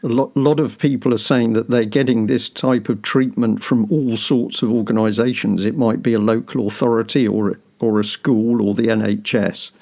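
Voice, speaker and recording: Male interviewer, gravelly voice, middling pitch, deliberate delivery with small stumbles. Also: steady tone, a little mellow. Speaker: interview host. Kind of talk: interview conversation.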